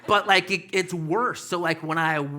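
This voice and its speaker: A man's voice: sits high, steady tone, moderate pace, pushed and bright. A man in his fifties doing a stand-up comedy set on a club stage, rambling loosely with lots of fillers and swearing. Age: 50s.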